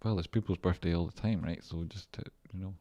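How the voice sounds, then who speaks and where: A man's voice: deep voice, fairly even intonation, quick pace, warm tone, lo-fi sound. A man hosting a stock trading livestream, rambling, joking and swearing casually as he reads out viewer messages. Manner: rambling, joking and swearing while reading chat.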